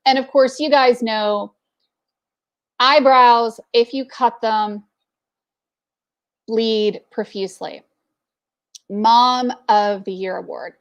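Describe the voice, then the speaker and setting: A woman's voice: on the high side, steady tone, slow pace, pauses often, dull audio. A woman in her forties telling a candid personal story in casual talk, with plenty of fillers. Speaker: entrepreneur network speaker.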